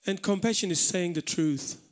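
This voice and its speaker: A man from Malta with a Maltese accent, preaching an animated sermon in a church hall. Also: sits high, normal speed. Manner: animated preaching, shouting out acted warnings.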